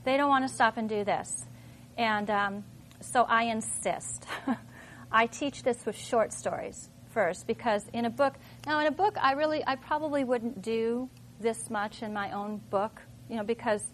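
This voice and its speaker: High-voiced animated woman teacher. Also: a little hiss or hum. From Minnesota. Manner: animated, thinks aloud with rhetorical questions. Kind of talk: classroom demonstration talk.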